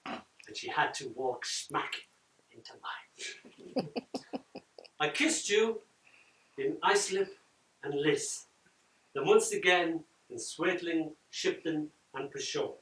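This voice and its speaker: An older man reading his poems at a launch, dramatic, swinging from loud lines down to near-whispers. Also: on the high side, animated, slow pace. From Ireland. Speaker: poet. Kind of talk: live poetry reading with chat. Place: event room at a book launch. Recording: roomy echo from far off.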